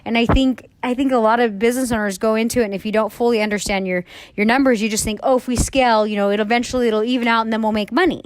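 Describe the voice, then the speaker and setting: A woman's voice: fairly high pitch, fairly even intonation, rapid-fire, dry recording. Candid rambling woman, dry close sound. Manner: candid, rambling, frequent fillers and swearing. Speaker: podcast co-host, salon owner. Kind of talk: casual chat.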